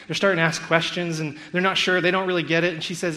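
A man retelling a story in an animated talk, acting out the quotes with a sarcastic edge. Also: a little high, fast, few pauses. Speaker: speaker critiquing a school curriculum.

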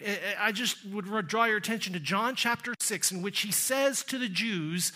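A middle-aged man with a Texan accent delivers a sermon. His voice is high and very bright. He tells stories with quoted voices and drags out key phrases for weight. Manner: storytelling with quoted voices, slowing for emphasis. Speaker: pastor.

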